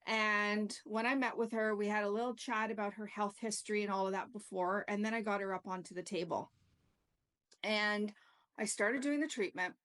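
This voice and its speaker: A woman's voice: mid-range voice, fairly even intonation, moderate pace, a bit bright. A middle-aged woman reflexologist telling a story and explaining her practice in a chatty, casual way, often saying "like" and "okay?". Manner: chatty, peppers talk with "like" and "okay?". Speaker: reflexologist and yoga teacher.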